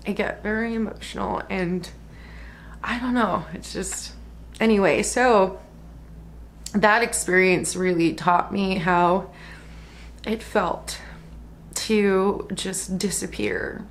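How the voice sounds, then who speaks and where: Slow, soft-spoken woman in her thirties. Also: mid-range voice, steady tone, slight background noise. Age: 30s. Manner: slow, soft and musing, with many fillers. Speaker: spiritual vlogger. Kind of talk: reflective personal vlog.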